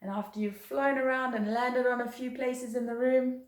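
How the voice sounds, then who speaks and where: A woman's voice: on the high side, steady tone, moderate pace. Encouraging woman teaching violin, roomy sound. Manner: patient, encouraging, counts and chants rhythms aloud. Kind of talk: beginner music lesson. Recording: roomy echo.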